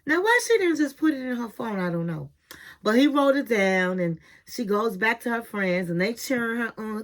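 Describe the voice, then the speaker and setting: A woman's voice: a little high, normal speed. A woman giving a casual, chatty recap of a reality TV episode, telling it with sass and calling her listeners honey and girl. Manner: sassy, animated storytelling, calls viewers honey and girl.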